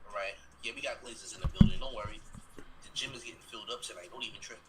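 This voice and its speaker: A man's voice: lowish voice, fairly even intonation, fast talker, very noisy. A man doing live stream banter, mocking and full of slangy trash talk. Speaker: livestreamer.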